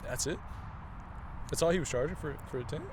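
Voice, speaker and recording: A young man co-hosting a casual podcast chat, joking and trading quick banter. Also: fairly high pitch, background noise. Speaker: podcast co-host.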